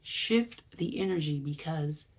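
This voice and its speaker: Husky-voiced woman vlogger, chatty. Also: low voice, expressive, unhurried. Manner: chatty, rambling, acts out reactions. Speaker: wellness vlogger. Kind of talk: casual vlog recap.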